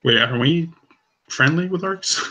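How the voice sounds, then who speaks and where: A man's voice: a little high, measured pace, pushed and bright, muffled recording. A man playing a tabletop role-playing game, rambling and giggling as he describes his character. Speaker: player. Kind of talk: casual tabletop role-play.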